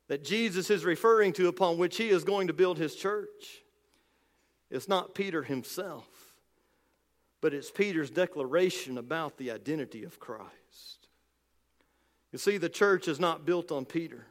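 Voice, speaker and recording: A male pastor preaching a sermon with emphasis, slowing down and dropping low on key phrases. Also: big-room sound.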